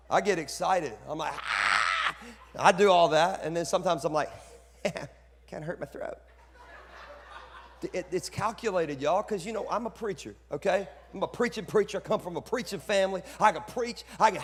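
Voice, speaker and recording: A man with a high-pitched, slightly fast voice gives a conference sermon to fellow pastors, lively and joking, breaking now and then into bursts of preacher fire. Hall reverb surrounds his voice.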